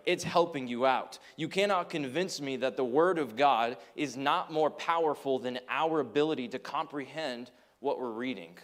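A man's voice: medium pitch, moderate pace, hardly any pauses, a bit bright. A man preaching a sermon in earnest, telling stories and acting out quotes from his listeners. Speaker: pastor.

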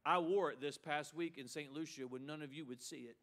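A man's voice: on the high side, brisk, a bit bright, a little hiss or hum. A middle-aged male pastor preaching a sermon with emphasis, repeating a refrain and mocking excuses.

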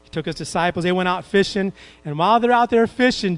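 Man preaching a lively sermon. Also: high voice, no room sound. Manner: asks the congregation to repeat verses aloud; quotes King James scripture with slow emphasis.

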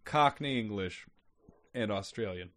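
A man in his forties, a player in a tabletop game, chatting in a wry, self-mocking way that often trails off quietly. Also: fairly low pitch, expressive, measured pace. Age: 40s. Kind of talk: casual chat during a tabletop game.

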